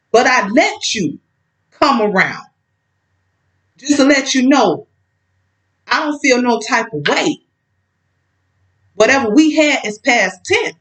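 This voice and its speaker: A woman's voice: a little high, a bit bright, poor audio. A woman telling a personal story in a casual vlog, outspoken and emphatic, talking straight at an absent ex-partner.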